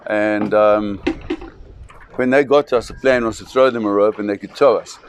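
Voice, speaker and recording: A man's voice: fairly low pitch, steady tone, normal speed. Brief: man recounting a tale with vivid energy, faint noise behind. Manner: vivid, restarting, acts out voices. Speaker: shark expedition operator. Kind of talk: dramatic storytelling.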